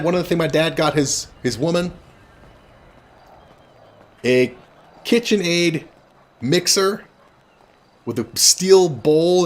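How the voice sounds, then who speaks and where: A man telling a rambling personal story in a blunt, casual way with frequent swearing, while streaming a game. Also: on the high side. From Canada.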